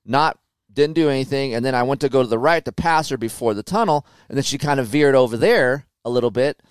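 Storyteller guest: a man, average pitch, dry close sound, swears freely and acts out quotes loudly. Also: quick pace, clear, resonant tone, no room sound. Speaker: guest, motocross racer. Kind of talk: casual podcast storytelling.

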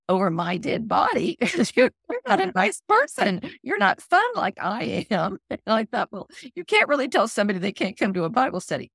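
Woman, middle-aged, animated storyteller, lowish voice, dry close sound. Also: dry recording. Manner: animated storyteller acting out quoted lines, laughs. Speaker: guest author. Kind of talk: storytelling in a podcast interview.

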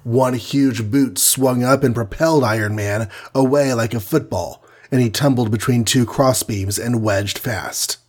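Husky man narrating a dramatic story. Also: medium pitch. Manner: vivid, dramatic delivery.

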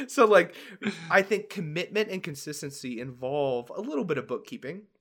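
A young man co-hosting a casual podcast chat, animated and laughing as he drops into silly character voices. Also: fairly high pitch, moderate pace. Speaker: podcast co-host, dungeon master.

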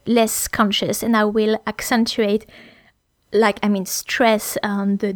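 A woman's voice: medium pitch, no echo. A woman teaching French pronunciation on a podcast, hesitant with many fillers and restarts.

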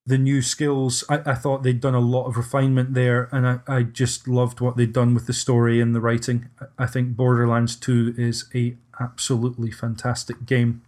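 A man's voice: medium pitch, completely flat delivery, normal speed, few pauses, darkish tone. A man hosting a casual podcast discussion, hesitant and often restarting his sentences. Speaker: podcast host.

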